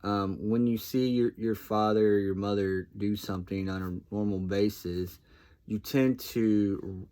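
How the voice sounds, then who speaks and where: A man talking casually and reflectively to camera, soft-spoken and hesitant, with many pauses and restarts. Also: fairly low pitch. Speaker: vlogger.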